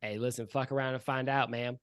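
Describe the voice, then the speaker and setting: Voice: mid-range voice, steady tone, a little fast, clean tone, no echo, studio quality, voice pushed down, close to an everyday voice. The game master voicing a female baby beholder, a folksy tinkerer with a drawling, apologetic but threatening way of talking. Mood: folksy, warning.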